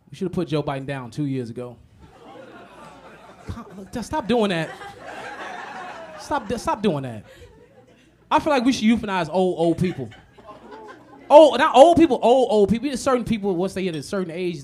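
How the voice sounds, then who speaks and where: A man performing a stand-up comedy set. His delivery is animated and profane, and he swings between muttered asides and loud punchlines. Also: on the high side. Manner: animated, profane storytelling with many repetitions.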